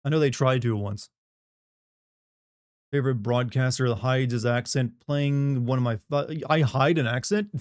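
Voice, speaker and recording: A man's voice: medium pitch, normal speed, no echo. Joking streamer man, dry close sound. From Southern United States. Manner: rambling, joking, reads chat aloud. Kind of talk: casual live-stream chat.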